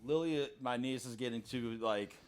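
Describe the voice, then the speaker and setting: A young man co-hosting a podcast, telling crude, excitable stories in casual chat and laughing through the punchlines. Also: mid-range voice, moderate pace, smooth. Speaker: podcast co-host.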